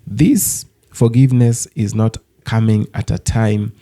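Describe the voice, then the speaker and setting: A man hosting a channel, giving slow, measured scripted commentary to his viewers. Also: fairly low pitch, fairly even intonation, mellow. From Africa. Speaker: channel host.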